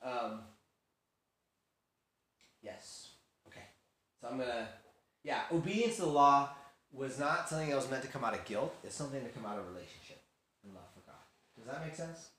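A man giving a casual, animated Bible lesson to a youth group, acting out quotes and laughing as he goes. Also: mid-range voice, normal speed, long pauses. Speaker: youth teacher. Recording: very echoey room, faint hiss.

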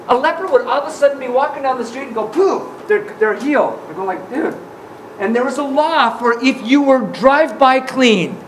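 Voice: medium pitch, a little hiss or hum, rough recording. Slangy, storytelling preacher mid-sermon. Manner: casual, slangy storytelling that acts out the scripture scenes.

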